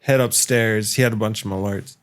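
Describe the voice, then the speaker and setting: A man's voice: lowish voice, fairly even intonation, fairly quick. A man in casual podcast chat, a rambling storyteller who swears freely and laughs as he talks. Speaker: podcast guest or co-host.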